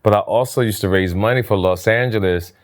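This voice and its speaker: A man from New Jersey telling stories in a casual interview, his voice jumping up high when he acts out what people said. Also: a little fast. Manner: animated storyteller, voice jumps high for quoted lines. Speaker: interview guest, comedian.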